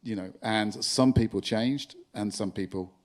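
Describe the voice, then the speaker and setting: A man's voice: fairly low pitch, unhurried. An older man with a London accent, speaking bluntly and with animation as a panelist at a conference. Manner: blunt, animated, laughs at himself. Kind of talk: panel discussion. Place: conference stage with live audience.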